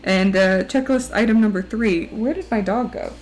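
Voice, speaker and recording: A woman's voice: moderate pace, a little mellow, rough recording. A woman streamer chatting casually while she draws, her voice cracking now and then after a long recording session, playful and self-teasing. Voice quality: high, mousy voice. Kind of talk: casual live-stream chat while drawing.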